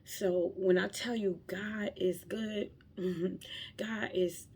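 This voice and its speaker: A woman's voice: medium pitch, fairly even intonation, very slow, darkish tone, husky. A young woman giving an emotional devotional talk, fervent and close to tears, repeating her phrases. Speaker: vlogger sharing faith.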